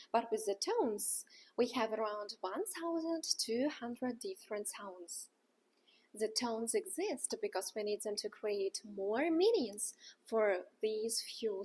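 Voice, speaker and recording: Speaking slowly, a woman teaching a scripted language lesson exaggerates the pitch as she acts out each sound. Her voice is breathy, on the higher side, darkish in tone, with widely swinging intonation.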